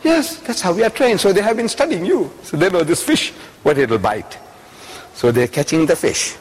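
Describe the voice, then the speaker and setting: A man's voice: sits high, lively intonation, moderate pace, long reverb tail. An older man giving a religious lecture to a live audience, telling a story and often putting questions to his listeners.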